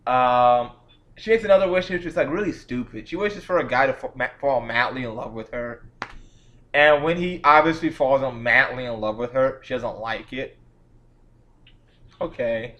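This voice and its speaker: A slightly high-voiced man rants through a casual movie review, swearing freely and sounding fed up with the film. The recording sounds dull and lo-fi. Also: a bit bright. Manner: exasperated, profane, laughing at the film.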